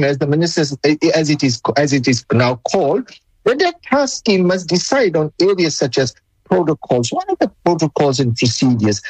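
Official answering interview q's, kinda husky, voice swings up n down, stops n restarts a lot. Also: mid-range voice, dry recording, rough recording. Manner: deliberate and emphatic, with frequent restarts. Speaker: government official. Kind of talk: formal policy answer in an interview.

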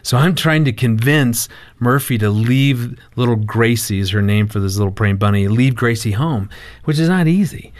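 A man working as a marriage counselor, telling a family story in a casual chat, lively and restarting his words as he goes. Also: mid-range voice, moderate pace.

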